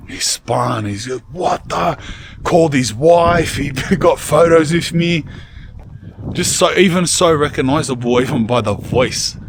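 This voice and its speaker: Casual vlogger man on a noisy street. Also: fairly high pitch. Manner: casual slang-heavy chat, calls people bro. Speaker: YouTuber and rapper. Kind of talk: casual travel vlog talk. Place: outdoors in a cold town street. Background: street and traffic sounds.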